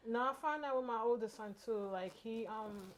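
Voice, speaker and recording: A woman co-hosting a podcast, chatting in a relaxed, frank way. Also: on the high side, a crowd in the background. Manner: relaxed, frank, quick to agree. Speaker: podcast co-host. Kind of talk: casual chat.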